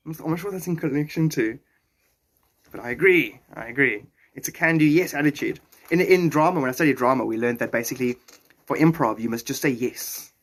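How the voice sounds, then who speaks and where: A man's voice: mid-range voice, brisk, pauses often, a bit bright. A man in his forties with a South African accent, chatting casually and playfully with viewers on a live stream. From born in Zimbabwe, raised in South Africa. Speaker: livestreamer.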